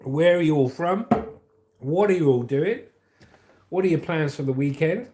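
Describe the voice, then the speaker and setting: A man's voice: fairly high pitch, moderate pace, warm tone, a little hiss or hum. A man hosting a casual livestream, chatting in a rambling way and reading out viewer comments. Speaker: livestream host.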